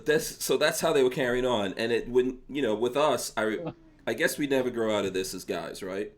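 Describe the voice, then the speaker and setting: A man's voice: mid-range voice, lively intonation, normal speed. A middle-aged man hosting a casual podcast chat, laughing often and mimicking people as he tells stories. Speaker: podcast host.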